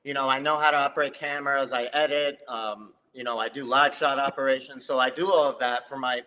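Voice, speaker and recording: Bright-voiced man telling lively stories. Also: medium pitch, fairly quick, long reverb tail, poor audio. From United States, Persian family. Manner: animated storyteller who acts out quoted voices. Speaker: interview guest, comedy video creator. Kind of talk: casual interview chat.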